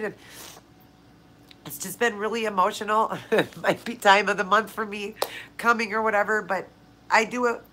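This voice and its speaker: A woman's voice: medium pitch, creaky, pushed and bright, slight background noise, poor audio. Woman, host, casual live chat, tearful, heartfelt, talks to viewers directly. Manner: emotional, heartfelt, speaks directly to viewers by name. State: tearful, crying.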